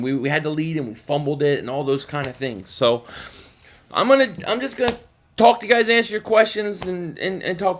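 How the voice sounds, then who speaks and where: A man's voice: sits high, a bit bright. A man hosting a sports fan live stream, ranting in frustration with many stammered restarts. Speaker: sports fan channel host.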